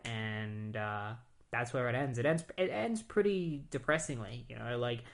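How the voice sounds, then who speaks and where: A man's voice: mid-range voice, expressive, unhurried, gravelly. Rambling young man recapping comics. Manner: rambling, fillers, says "like" a lot. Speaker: podcast host. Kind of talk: casual comic book recap.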